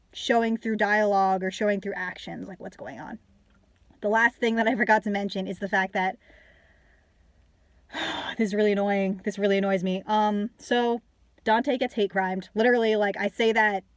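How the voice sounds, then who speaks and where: A woman's voice: medium pitch, no room sound. A young woman casually reviewing a book, ranting with lots of fillers and some swearing.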